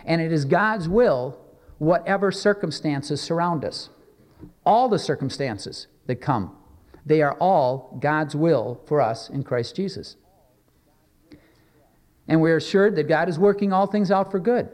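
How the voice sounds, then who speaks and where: This sermon comes from a pastor whose somewhat high voice is a little mellow and animated. Recorded in a reverberant church sanctuary, he stays earnest and measured, dwelling on scripture with slow emphasis.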